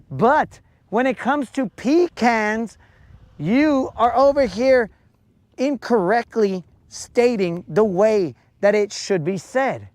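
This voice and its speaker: A man talks on a live fishing stream in an unhurried, drawn-out way, hamming up a mock-serious rant. His voice sits at an ordinary middle pitch. The sound is close and dry. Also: expressive, no room sound. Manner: playful mock-serious ranting, drawn-out words. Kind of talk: casual live-stream chat. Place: outdoors on a lake while fishing.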